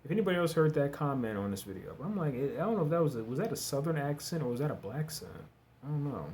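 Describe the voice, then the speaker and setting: A man's voice: fairly high pitch, expressive, fast talker, darkish tone. A man giving a casual, chatty recap of a TV episode, talking loosely with fillers, restarts and bits of slang. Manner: candid, with some slang. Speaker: TV episode reviewer.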